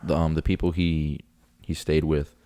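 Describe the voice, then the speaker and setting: A young man from Florida hosts a casual podcast, his voice sitting very low. He rambles through his stories, swears freely and trips over his own restarts as he goes. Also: little pitch movement, moderate pace, warm tone. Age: young adult. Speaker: podcast host. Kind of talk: casual chat.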